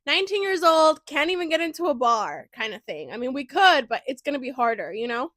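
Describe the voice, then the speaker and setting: A woman in her twenties hosting a podcast, telling stories in a chatty, animated way with many fillers. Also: high-pitched, a little fast, no room sound. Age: 20s. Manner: chatty, animated, lots of "like" and "you know". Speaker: podcast host. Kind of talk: casual storytelling chat.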